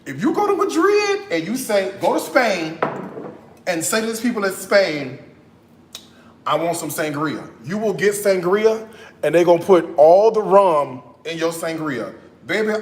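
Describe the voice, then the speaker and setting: Sassy American male cooking host, chatty and bouncy in pitch, roomy echo. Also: slight background noise. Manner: sassy and animated, tags lines with "okay?". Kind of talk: casual live-stream chat while cooking.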